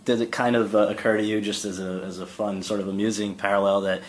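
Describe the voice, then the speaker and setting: A man interviewing an actress, asking questions in a halting way that searches for words. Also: lowish voice, level tone, slight background noise, rough recording. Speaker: interviewer, awards analyst.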